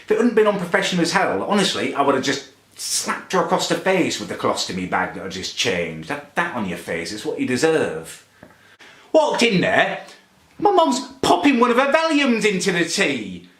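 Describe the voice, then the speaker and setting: A comedy character vlogger plays a petty, self-righteous young man ranting to camera, indignant and pompous, building into angry outbursts. His voice is on the high side and a bit bright, with huge pitch swings and a moderate pace, in an echoey room.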